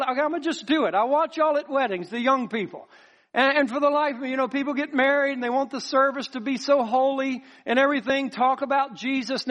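A pastor preaches in a notably high voice for a man. He's folksy and animated, throwing out rhetorical questions and slipping into acted-out voices as he makes his point to the congregation. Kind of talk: sermon.

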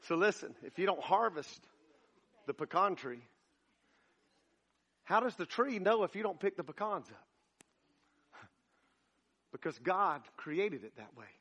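Pastor, man, very high bright voice, folksy joking sermon. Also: animated, slow, pauses often, slightly rough, lo-fi sound.

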